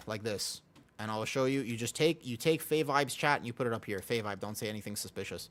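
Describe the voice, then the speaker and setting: A man's voice: mid-range voice, a little fast, fairly bright tone. Male game streamer, loose live-stream banter, talks to chat while showing his screen, swears casually, hammers his point home. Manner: casual, profane, explains with emphatic repetition.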